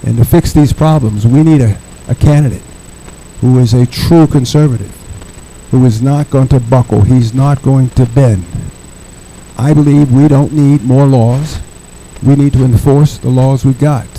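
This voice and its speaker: A man's voice: mid-range voice, fairly even intonation, measured pace, warm tone, a little hiss or hum, rough recording. A man in his seventies, a political candidate, delivering an emphatic campaign speech with a repetitive rallying cadence.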